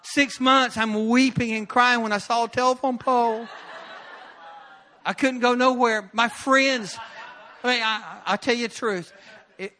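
A man's voice: extremely high pitch, fairly even intonation, a little slow, bright, forceful tone. A man preaching at a prayer meeting, telling a personal testimony with bursts of emotion and laughter. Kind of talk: sermon testimony.

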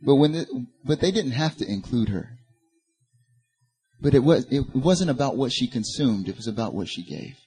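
A man's voice: mid-range voice, lively intonation, moderate pace, mellow, breathy edge, faint music behind. A man preaching a sermon, building to emphatic peaks and turning to the congregation with casual asides. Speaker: pastor.

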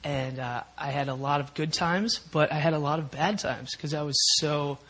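A man from Minnesota, USA, gives an emotional, rambling personal testimony at a church prayer meeting, with many fillers. His voice is fairly high-pitched and fairly bright, with fairly even intonation at a moderate pace.

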